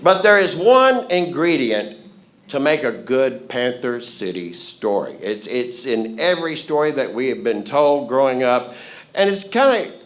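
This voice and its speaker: A man's voice: medium pitch, big pitch swings, a little slow, fairly bright tone. A man from Fort Worth, telling folksy, playful stories to a live theatre audience. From Fort Worth, Texas. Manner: folksy, playful, leads audience call-and-response. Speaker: storyteller host. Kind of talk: live stage storytelling.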